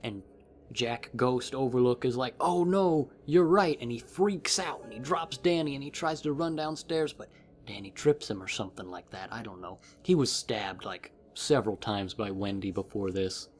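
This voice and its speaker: A man's voice: medium pitch, moderate pace. Rambling young-sounding man recapping a book. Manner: rambling, filler-heavy. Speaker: vlogger.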